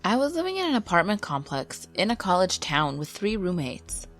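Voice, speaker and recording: Female narrator, mid-range voice, steady scripted read, faint music bed. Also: mid-range voice. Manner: calm, measured storytelling read. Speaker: narrator of paranormal stories. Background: faint background music.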